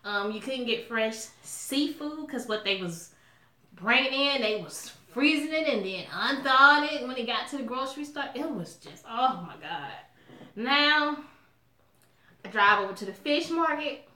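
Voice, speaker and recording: A woman's voice: high-pitched, measured pace. A woman from Alabama with a Southern accent, chatting casually and sassily to her viewers in a vlog. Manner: chatty, sassy, animated, calls viewers y'all. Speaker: mukbang vlogger. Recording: echoey room.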